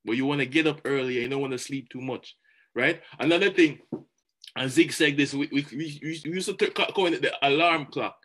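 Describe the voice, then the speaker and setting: A man giving a motivational talk, animated and chatty, often repeating words as he goes. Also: mid-range voice, fairly quick. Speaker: motivational speaker.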